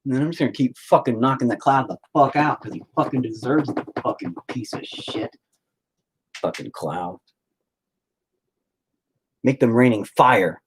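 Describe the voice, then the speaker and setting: A man's voice: mid-range voice, normal speed, long pauses, a little hiss or hum. A man rambling and swearing in mock anger as he paints and talks to his viewers. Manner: profane, rambling, mock-angry. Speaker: painting vlogger. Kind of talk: casual rant while painting.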